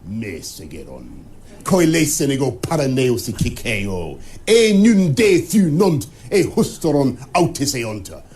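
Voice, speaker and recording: Slow, theatrical male reciter. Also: mid-range voice, huge pitch swings, a little mellow. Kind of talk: declaiming recitation.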